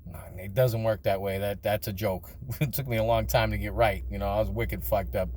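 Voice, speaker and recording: A man's voice: fairly low pitch, steady tone, fairly quick, a little mellow. A man telling crude, funny childhood stories in a casual vlog, swearing often and laughing between lines. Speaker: storyteller.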